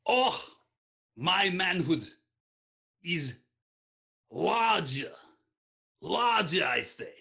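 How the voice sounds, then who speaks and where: A man's voice: high-pitched, big pitch swings, creaky, bright, forceful tone, pitched above the performer's own voice, heavily acted. A man putting on a bragging Russian comrade. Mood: boastful. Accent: put-on heavy Russian. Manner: grandiose bragging, drawn-out words. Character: boastful adult male Russian comrade.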